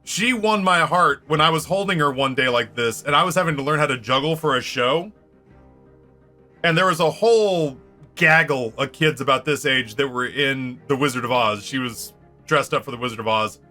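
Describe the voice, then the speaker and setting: A man streaming a game, telling a story in a casual, animated way, swearing freely and laughing often. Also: mid-range voice, normal speed, faint music behind.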